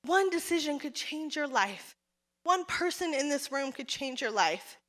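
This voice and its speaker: A woman giving a motivational keynote speech at a conference, telling her story with animated energy and calling out to the audience. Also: high-pitched, measured pace. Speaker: keynote speaker and salon owner. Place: conference hall. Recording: reverberant hall.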